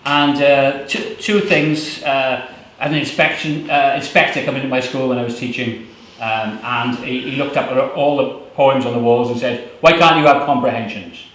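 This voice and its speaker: A man reading his own poems at a book launch, in slow measured lines with loose, rambling asides between poems. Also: mid-range voice, little pitch movement, fairly bright tone, a little hiss or hum. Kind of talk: live poetry reading with chatty asides. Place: small venue at a book launch. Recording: very echoey room.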